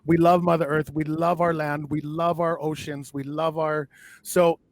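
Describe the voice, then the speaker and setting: Chatty, higher-voiced middle-aged man. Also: flat delivery, a little slow, dry recording. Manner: chatty and effusive, repeats himself warmly. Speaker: interview host. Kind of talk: casual interview talk.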